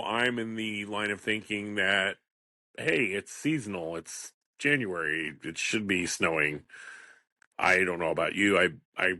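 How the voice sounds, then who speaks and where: Rambling low-voiced man in his fifties. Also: a bit bright, no room sound, clean studio sound. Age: 50s. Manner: rambling, chatty, chuckles often. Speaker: podcaster. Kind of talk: casual solo podcast monologue.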